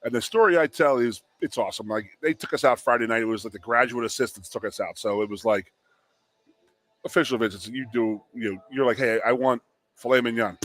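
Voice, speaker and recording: Talking a little fast in a mid-range voice, a man in his forties co-hosts a sports radio show from a studio at a restaurant. The former college lineman tells a long, casual story and animatedly performs the characters' quotes in raised voices.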